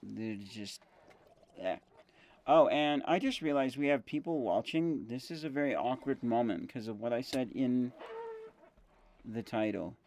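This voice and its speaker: A man's voice: mid-range voice, animated, unhurried, darkish tone, slight background noise. A man casually commentating his game stream, thinking aloud with fillers and self-corrections while chewing gum.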